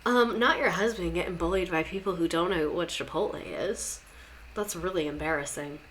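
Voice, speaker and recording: Chatty sarcastic young woman, bright voice. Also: on the low side, moderate pace, slight background noise. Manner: chatty, sarcastic, repeats words for comic effect. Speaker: podcast host. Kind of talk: casual chat reading listener stories.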